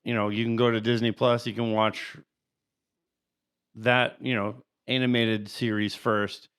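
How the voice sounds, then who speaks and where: A man's voice: medium pitch, level tone, unhurried, a bit bright, smooth. A man co-hosting a podcast, chatting casually about a show with lots of "you know" and restarts. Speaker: podcast co-host. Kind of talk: casual chat.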